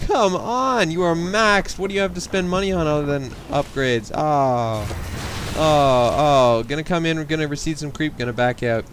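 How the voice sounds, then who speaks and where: A man's voice: fairly high pitch, normal speed, slight background noise. A man casting a video game match in a casual, joking play-by-play style. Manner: casual, jokey, builds to excited shouting. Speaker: game caster. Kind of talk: esports play-by-play commentary.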